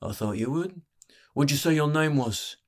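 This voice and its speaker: A man's voice: fairly high pitch, animated, normal speed, voice pushed up. A man voicing a weary, pot-bellied old barkeep who talks in a growling, slangy, wheedling way. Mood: sly.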